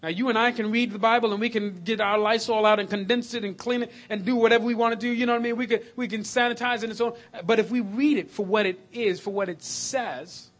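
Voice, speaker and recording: A man preaching a sermon, swinging between loud, emphatic lists and hushed, slow passages. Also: high-pitched, fairly even intonation.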